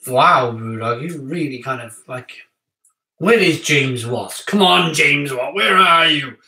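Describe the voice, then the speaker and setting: Excitable man, chatty beer reviewer. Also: on the high side, takes it slowly, recorded from a distance. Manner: chatty, excitable, talks to viewers. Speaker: beer reviewer hosting a live stream. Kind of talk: casual live-stream chat. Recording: echoey room, off-mic.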